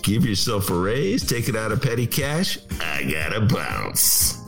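Wisecracking man, gravelly low voice. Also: big pitch swings, a little slow, a bit bright, faint music behind. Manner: wisecracking, acts out quoted people in mocking voices. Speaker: radio talk show host. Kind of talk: casual radio banter.

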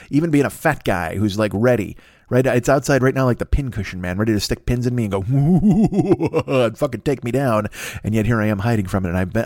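A man's voice: medium pitch, darkish tone, no room sound, studio quality. A middle-aged man hosting a podcast, riffing profanely through a comedic monologue that keeps wandering off on tangents. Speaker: podcast host.

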